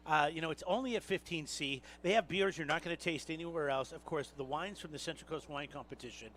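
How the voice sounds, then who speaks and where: A man hosts a live radio wine chat, talking quickly in an upbeat, promotional way. His voice is bright and a bit high, and a faint noise sits behind it. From Washington State. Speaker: radio host. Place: outdoor live broadcast at a market square.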